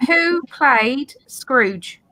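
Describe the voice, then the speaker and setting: A woman hosting a casual party quiz, reading each question slowly and carefully and laughing at her own slips. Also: high-pitched, expressive, bright, forceful tone. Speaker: quiz host.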